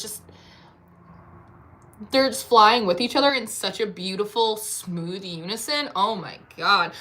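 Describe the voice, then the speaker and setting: A woman's voice: fairly high pitch, sharp tone. A woman giving a casual tarot reading to camera at home, chatty and rambling with lots of filler words. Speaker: tarot reader.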